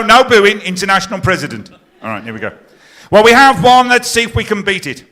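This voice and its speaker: A middle-aged man compering on stage, his voice pitched high and ringing bright and forceful. He tells jokes with deadpan punchlines and teases the crowd in front of him. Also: brisk. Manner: teasing the audience, deadpan punchlines. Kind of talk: live stage compering with joke telling. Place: stage in a pier theatre before a live audience.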